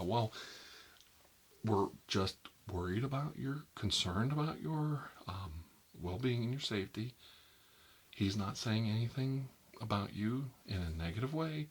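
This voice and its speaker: A man as a nervous doctor talks low and soft in an ASMR role-play. He rambles through his instructions, leaning on "like" and "you know." A faint hiss sits under the recording. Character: nervous rambling male doctor examining a vampire. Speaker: doctor examining a patient.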